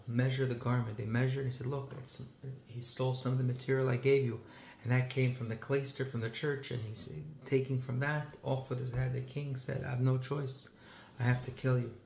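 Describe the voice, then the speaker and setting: A man's voice: mid-range voice, a little mellow. Emphatic man telling a story in an echoey room. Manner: emphatic, with Hebrew and Yiddish phrases woven in. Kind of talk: heartfelt storytelling talk. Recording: echoey room with faint ambient noise.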